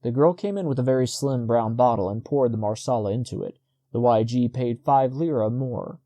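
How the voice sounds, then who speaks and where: Warm-voiced male audiobook narrator. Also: medium pitch, normal speed, dry recording. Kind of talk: scripted narration.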